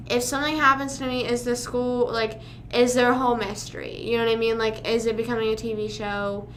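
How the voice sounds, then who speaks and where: A young woman chats loosely on her livestream, piling filler words into long, wandering stories and swearing casually. Her voice sits a little high and sounds bright and forward. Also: a little hiss or hum. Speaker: livestream host.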